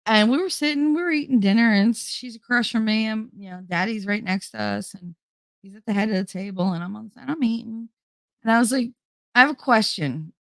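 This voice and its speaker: A middle-aged woman hosting a livestream, telling family stories in a casual, animated way and acting out her relatives' voices with frequent laughter. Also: fairly high pitch, a little fast, gravelly, no room sound. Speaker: livestream host. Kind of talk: casual storytelling chat.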